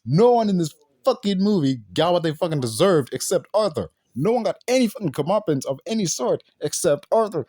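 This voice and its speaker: A man's voice: fairly high pitch, expressive, fast, hardly any pauses, warm tone, dry recording. A man ranting through a film review, exasperated and swearing heavily, firing off rhetorical questions. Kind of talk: profane ranting movie review.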